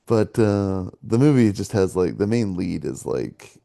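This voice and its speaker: A man with a low, gravelly voice and a dark, mellow tone talks casually as a podcast co-host. He rambles from one thought to the next and laughs often. The sound is close and dry. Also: expressive, a little slow, dry recording. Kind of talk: casual movie review chat.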